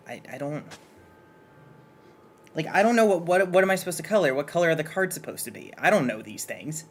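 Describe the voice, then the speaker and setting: A man's voice: fairly high pitch, lively intonation, brisk, pauses often, a little hiss or hum. A man chatting casually at home, rambling and unsure, often restarting his sentences. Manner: rambling, hesitant, nervous restarts. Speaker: streamer's partner and guest artist. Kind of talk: casual chat.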